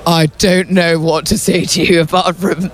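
A man's voice: on the high side, flat delivery, normal speed. A male radio host interviewing people outdoors in a playful, quizzing manner. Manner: playful, quizzing, laughs easily. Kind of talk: casual interview.

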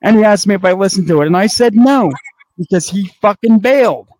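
A man's voice: sits high, animated, brisk, a little mellow, no echo, poor audio. A man who runs a podcast network, arguing angrily with a caller and lecturing him with constant swearing. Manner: angry, profane, lecturing. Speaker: network owner. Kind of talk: heated on-air argument.

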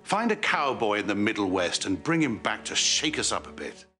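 A man's voice: on the low side, sing-song, moderate pace, pushed and bright, soft background music. An earnest aristocratic father. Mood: tender. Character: loving aristocratic father, middle-aged man. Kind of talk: period television drama.

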